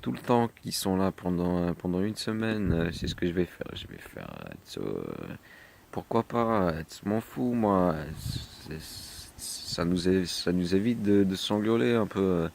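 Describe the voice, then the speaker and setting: Low-voiced French man, halting vlog. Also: lively intonation, gravelly, a little mellow. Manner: halting, many fillers, switching between English and French. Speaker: vlogger. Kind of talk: casual video diary.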